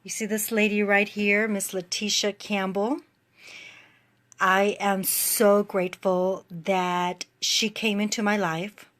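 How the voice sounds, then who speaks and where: A woman's voice: medium pitch, little pitch movement, slow pace, a bit bright. A woman who runs a fitness program, speaking to camera in a casual, earnest and openly emotional gratitude video. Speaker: fitness and wellness program creator.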